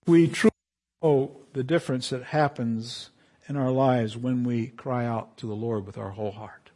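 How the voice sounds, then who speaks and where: A man preaching a sermon to his congregation, quoting scripture with emphatic swells and quiet drops. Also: medium pitch, steady tone, normal speed. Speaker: pastor.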